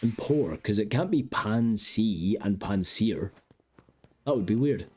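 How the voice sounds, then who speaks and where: A man's voice: on the low side, expressive, slow, warm tone, breathy edge, faint music behind. A man streaming a game, chatting casually and rambling aloud to his viewers. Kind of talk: casual live-stream chat.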